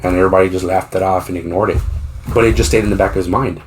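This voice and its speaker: Low-voiced man rambling through a story. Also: fairly even intonation, racing, slight background noise. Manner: rambling, profane storytelling with lots of fillers; acts out quoted voices while retelling. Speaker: podcast host. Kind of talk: casual chat.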